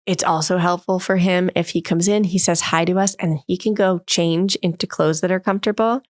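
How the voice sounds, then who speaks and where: A woman in her thirties, a guest expert, telling stories in an animated way in a podcast interview and acting out the voices she quotes. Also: on the low side, fairly quick, dry recording, studio quality. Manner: animated storyteller who acts out quoted voices. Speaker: guest expert on emotional development.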